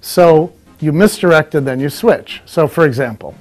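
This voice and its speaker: A man teaching comedy technique in a measured, explanatory, scripted way. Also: a little high, darkish tone, faint music behind. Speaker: comedy instructor. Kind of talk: scripted instructional talk.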